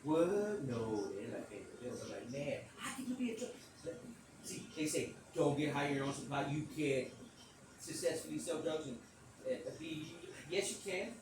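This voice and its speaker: A man hosting a podcast, telling a rambling, animated story in speech, swearing casually and acting out the quotes. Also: fairly high pitch, moderate pace, recorded from a distance, music in the background. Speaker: podcast host. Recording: echoey room, off-mic, background noise.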